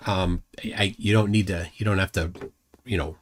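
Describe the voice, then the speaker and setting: A man's voice: deep voice, steady tone, moderate pace. A man hosting a live reaction stream, reading chat comments aloud and mocking the clip with sarcastic asides. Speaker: livestream host reacting to a video.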